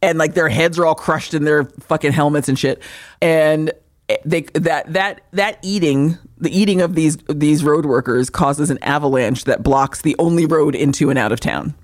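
A woman co-hosting a podcast, recapping a movie in casual chat, swearing freely and animated. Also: sits low, moderate pace. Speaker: podcast co-host.

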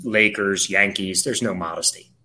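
A man's voice: deep voice, steady tone, moderate pace, sharp tone. Ranting, profane man. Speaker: podcast co-host. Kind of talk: casual sports chat.

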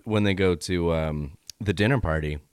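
A man's voice: sits low, normal speed, clear, resonant tone, no room sound. A man hosting a podcast, chatting casually and laughing often. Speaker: podcast host. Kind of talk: casual chat.

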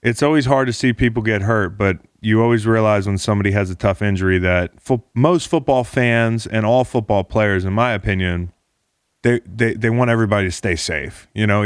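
A man's voice: on the low side, brisk, no room sound, clean studio sound. A man, a former football player, hosting a casual podcast chat, joking and teasing his guest with lots of restarts.

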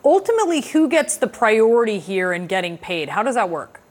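A woman anchoring a news program, interviewing a legal analyst in a crisp, questioning way. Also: a little high, big pitch swings, brisk.

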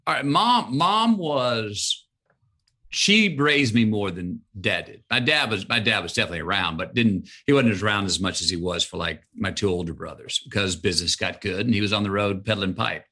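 A man being interviewed as a guest on a podcast, telling stories in a lively way and acting out the sayings of his parents. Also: fairly low pitch, normal speed. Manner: animated storyteller who acts out his parents' sayings. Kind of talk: casual interview storytelling.

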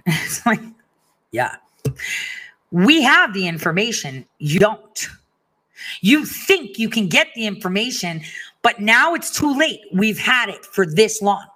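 A woman with a bright, forceful voice pitched a little high delivers a blunt, profane monologue. She talks with real heat and tells her stories in an animated way. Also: measured pace. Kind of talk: impassioned monologue.

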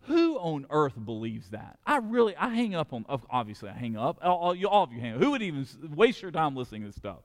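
A man preaching a sermon as pastor, animated, with quick restarts and acted-out quotes. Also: on the high side, long reverb tail. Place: church sanctuary.

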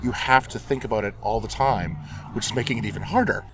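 A choir singer talking through diction in a halting, thoughtful way, laughing between thoughts. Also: male voice, medium pitch, noisy background. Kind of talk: casual chat. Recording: distant mic with crowd around.

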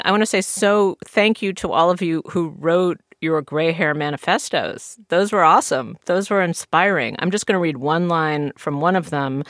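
A woman's voice: low voice, dry recording, clean studio sound. A woman hosting a podcast in casual chat, sounding nasal and stuffy from a cold, chatty with lots of fillers. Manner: chatty, laughs easily, many fillers. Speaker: host. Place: studio.

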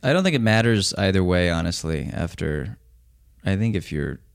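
A man's voice: low voice, big pitch swings, normal speed, vocal fry. A young man, a comedian guest on a podcast, chatting casually, rambling and laughing along. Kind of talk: casual chat.

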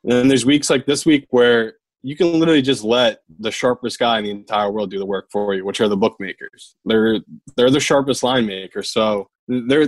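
A man's voice: on the low side, no room sound. A man with a Philadelphia accent co-hosting a sports betting chat, confident and teasing. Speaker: podcast co-host.

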